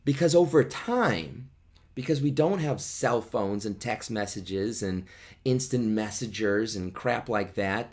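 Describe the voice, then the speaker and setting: A man hosting a podcast, explaining a play in a chatty, animated way full of asides. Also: fairly low pitch. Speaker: podcast host.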